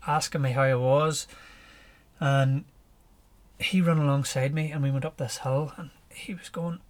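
A man with a Northern Irish accent, a podcast guest telling his story in a relaxed, lively way and chuckling as he goes. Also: a little high, a little slow. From Northern Ireland. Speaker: podcast guest, ultra runner. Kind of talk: casual storytelling.

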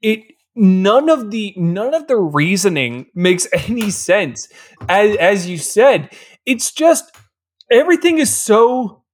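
A man co-hosting a podcast, giving a casual and sarcastic movie recap. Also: high-pitched. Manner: animated, sarcastic. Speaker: podcast co-host.

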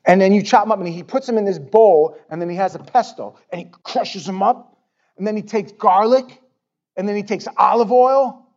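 A male pastor preaching a sermon in a church, talking in an animated, conversational way and often repeating words. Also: sits high, moderate pace, dull audio. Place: church sanctuary.

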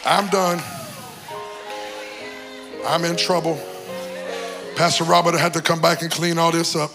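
A man preaching a sermon as a guest bishop in a church, exhorting and shouting, with big swings between loud cries and quiet talk. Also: on the high side, little pitch movement, unhurried, over music. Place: church sanctuary.

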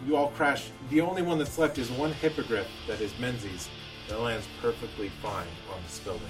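A man narrating as a tabletop game master with a calm, descriptive manner. His voice sits at an ordinary pitch. Guitar music plays softly beneath the narration. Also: a little fast, low-quality recording.

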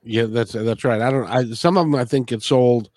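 A man hosting a casual interview, talking in a halting way and repeating his words often. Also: mid-range voice, a little mellow, no room sound. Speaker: podcast host.

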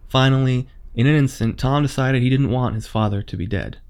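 A man reading a horror story aloud in a measured, suspenseful way. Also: mid-range voice, a little mellow, clean tone. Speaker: narrator. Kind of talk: scripted horror narration.

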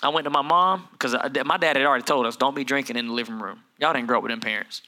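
A man, a pastor preaching a sermon, telling stories and acting out family voices, moving between quiet asides and loud, building preaching. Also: medium pitch, racing.

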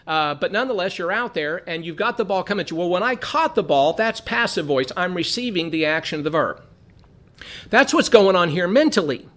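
A man's voice: high voice, animated, brisk, a bit bright. A man from Southern California teaching an earnest Bible study lesson, repeating phrases for emphasis.

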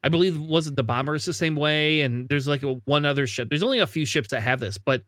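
A man with a slightly high voice chatting about a tabletop game, excitable and laughing often. He swears casually. The sound is dry and close to the mic. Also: brisk, no echo. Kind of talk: casual gaming chat.

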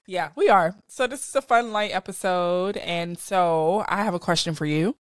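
A woman's voice: on the low side, moderate pace, dry recording, clean studio sound. A woman co-hosting a mom podcast, upbeat and asking her friend questions. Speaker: podcast co-host. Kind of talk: casual chat.

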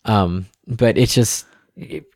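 A man's voice: on the low side, slow pace, creaky, no echo. Man rambling through a family podcast, dry sound. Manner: rambling, many fillers and restarts; animated storyteller. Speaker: podcast co-host. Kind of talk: casual chat.

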